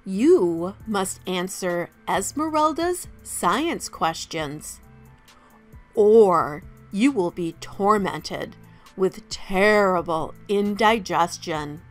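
Slow, expressive woman reading a kids' book. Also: medium pitch, soft background music. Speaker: storybook reader. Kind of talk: children's read-aloud narration.

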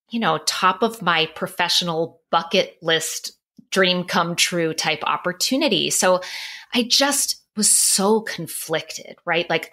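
A woman's voice: lowish voice, gravelly, pushed and bright. A middle-aged woman psychologist telling a candid, emotional personal story in a podcast interview.

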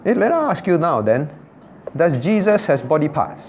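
Repetitive, questioning pastor with a slightly high voice. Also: male voice, very animated, normal speed. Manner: repetitive, asks the class questions, loose non-native grammar. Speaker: pastor teaching a class. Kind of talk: interactive Bible study lecture. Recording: dull low-fidelity room recording with faint background noise.

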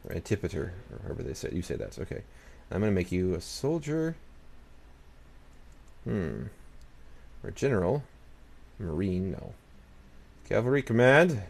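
Man, deep voice, gravelly fry, casual gameplay commentary, mutters and curses at the screen. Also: big pitch swings, moderate pace, pauses often. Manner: muttering to himself, talks to the game's nations, swears. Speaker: gaming channel host. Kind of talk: casual let's-play commentary.

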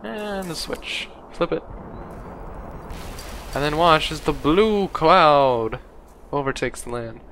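A man's voice: on the high side, slow pace, long pauses, a bit bright. A man casually commentating his game, wry and rambling, now and then mimicking the enemies in silly voices. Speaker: gameplay commentator. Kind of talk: casual let's play commentary. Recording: game audio noise behind voice. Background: gunfire and game sounds.

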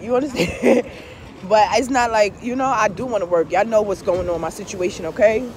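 A woman's voice: medium pitch, noisy background. A woman tarot reader talking in a casual, rambling monologue, blunt and full of swearing, with frequent laughs and asides. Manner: profane and blunt, peppered with swear-word fillers. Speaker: tarot reader and spiritual vlogger.

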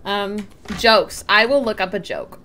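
A woman's voice: medium pitch, unhurried, sharp tone, slight background noise. A woman streamer chatting casually with her viewers while she plays a game. She keeps breaking into helpless giggles. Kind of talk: casual live gameplay chat with viewers. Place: her bedroom at home.

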